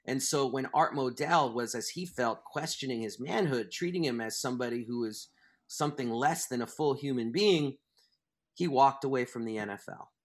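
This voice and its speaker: A man's voice: medium pitch, moderate pace. A man being interviewed as an author, talking emphatically and at length, restarting his thoughts as he goes. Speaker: author and guest. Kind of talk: interview conversation.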